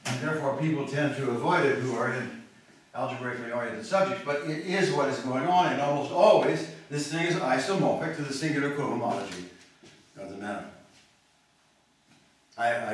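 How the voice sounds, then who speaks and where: A male mathematics professor giving a university lecture, thinking aloud and often checking in with the class. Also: mid-range voice. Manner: thinking aloud, frequent restarts and checks with "okay?". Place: large echoey lecture room. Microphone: distant room mic. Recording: very echoey hall, voice from far off, faint noise.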